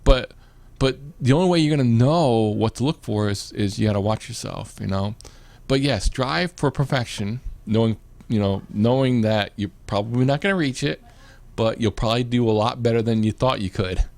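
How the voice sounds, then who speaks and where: A man's voice: medium pitch, normal speed, creaky, a little mellow, no room sound. A man hosting a live video show, chatting casually with many restarts and "you know"s. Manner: rambling, repeats words, many "you know"s. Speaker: host.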